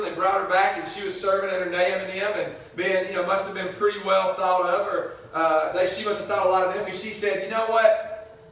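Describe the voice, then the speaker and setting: A man's voice: high-pitched, fairly bright tone. A male pastor, preaching a conversational sermon in a rambling, folksy way. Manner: casual, rambling storytelling with folksy asides. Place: church sanctuary. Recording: echoey church from far off.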